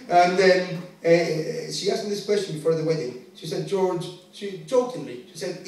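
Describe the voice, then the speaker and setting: A man in his late twenties doing a stand-up set from a club stage, with brash, profane, animated storytelling. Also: high-pitched, moderate pace, few pauses. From Greek family. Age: late 20s. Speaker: stand-up comedian. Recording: echoey venue heard from a distance. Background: audience laughter.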